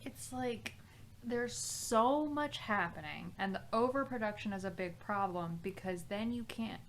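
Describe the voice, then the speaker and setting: A woman's voice: medium pitch, unhurried, fairly bright tone, a little hiss or hum. A woman chatting casually on a music podcast, giving blunt, exasperated criticism with lots of filler "like". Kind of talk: casual music commentary chat.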